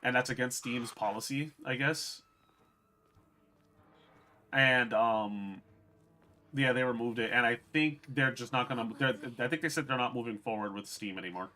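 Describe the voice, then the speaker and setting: A man's voice: medium pitch, normal speed, pauses often, sharp tone. A young man streaming a video game, chatting bluntly and with swearing to his viewers as he plays. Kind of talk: casual gameplay commentary.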